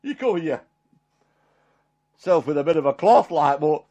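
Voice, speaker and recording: A man plays Peter, a homely, warm-hearted fisherman, telling his story in a rambling, chuckling way. The voice sits a little high for a man and stays unpolished and everyday. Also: animated, moderate pace. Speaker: performer in a one-man Bible drama. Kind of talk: dramatic character monologue.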